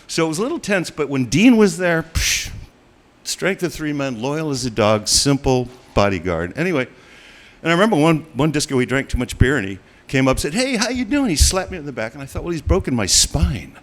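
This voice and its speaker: A man in his sixties telling a live story as a guest, animated and acting out the voices of the people in it. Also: mid-range voice, brisk. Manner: animated, acts out quoted voices, laughs.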